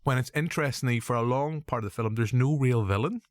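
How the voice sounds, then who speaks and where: A man's voice: medium pitch, quick pace, no room sound, studio quality. A man with a Northern Irish accent hosting a casual film review chat, jokey and full of swearing. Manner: animated, swearing, jokey asides. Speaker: podcast host.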